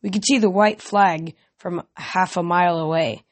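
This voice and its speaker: A man's voice: sits high, fairly even intonation, normal speed. A young man reading a novel aloud as an amateur reader, plain delivery with small slips and restarts.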